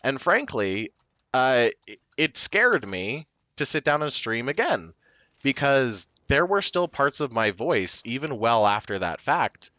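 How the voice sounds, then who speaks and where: A man's voice: medium pitch, very animated, unhurried, pushed and bright, dry recording. A man chatting casually to his stream viewers, rambling and self-deprecating, with plenty of fillers, restarts and short laughs.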